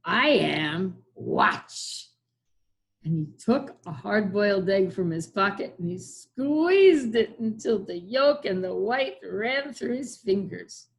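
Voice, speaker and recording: A woman, a children's librarian, reading a storybook aloud in an expressive way. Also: mid-range voice, unhurried, few pauses.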